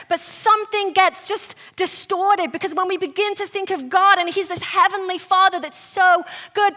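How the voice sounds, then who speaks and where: Bright, high-voiced woman preaching earnestly. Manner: earnest, emphatic, conversational. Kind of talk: sermon. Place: church service.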